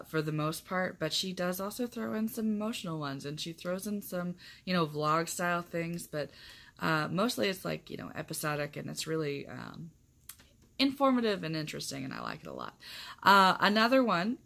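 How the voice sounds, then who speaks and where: A young woman with a low voice chats casually to her camera. She rambles, fills her sentences with ums and likes, and laughs often as she talks. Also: vocal fry, fairly bright tone. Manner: chatty, rambling, laughs often, lots of fillers. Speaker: vlogger.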